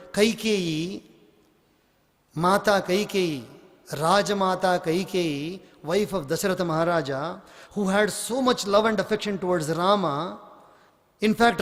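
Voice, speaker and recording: A man giving a storytelling sermon as a spiritual teacher, slow and emphatic. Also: high-pitched. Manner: slow, emphatic, acts out scenes. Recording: reverberant hall.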